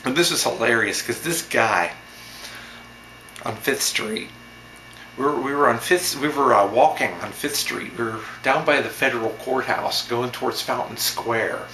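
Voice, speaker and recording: A man's voice: mid-range voice, measured pace, pushed and bright, echoey room, slight background noise. A man vlogger telling a story in a casual, rambling way, repeating himself, restarting sentences and sounding amused.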